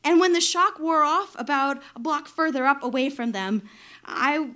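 A woman's voice: high-pitched, normal speed, pushed and bright. A woman in her thirties telling a personal story in a wry, self-deprecating way, often breaking into laughter. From New York.

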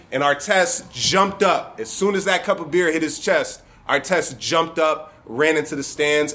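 A man from Michigan tells a loose, profane story for a live crowd, with laughter breaking into his lines. His voice is bright and forward, pitched in an ordinary male middle range. A faint hum sits behind him. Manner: casual, profane, chuckling often. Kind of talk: comic storytelling to a live audience.

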